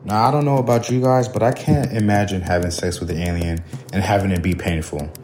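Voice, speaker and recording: A man's voice: low voice, fairly even intonation, fairly quick, darkish tone, faint music behind. A man co-hosting a podcast, chatting casually in a laid-back, joking way. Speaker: podcast co-host. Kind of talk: casual chat.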